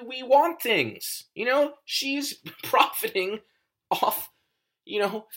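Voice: medium pitch, bright, forceful tone. A comedian ranting in a casual monologue, profane and emphatic, rambling with many restarts.

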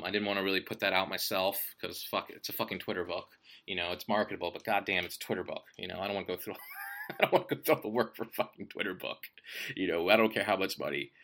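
A man's voice: low voice, pushed and bright. A man, an author, talking about his writing in a casual monologue, swearing often and rambling enthusiastically. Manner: profane and rambling.

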